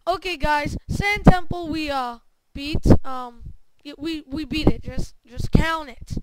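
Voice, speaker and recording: A woman's voice: high voice, takes it slowly. A woman doing gameplay commentary, cursing a lot and stammering through restarts in frustration. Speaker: gamer. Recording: loud background noise with clicks.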